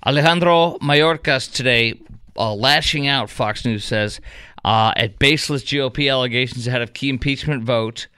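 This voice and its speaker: A man's voice: mid-range voice, moderate pace, bright, forceful tone, clean tone, no echo, studio quality. Emphatic male talk radio host. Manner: emphatic, indignant, with many fillers. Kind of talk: talk radio commentary and call-in. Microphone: studio microphone.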